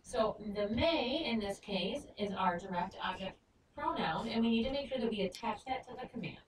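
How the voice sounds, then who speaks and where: A woman teaching a Spanish lesson, explaining patiently and slowing down to sound out words. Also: fairly high pitch, lively intonation. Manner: patient, clear, slows down to spell out Spanish words. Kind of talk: recorded lesson narration. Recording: echoey room, far mic, noisy.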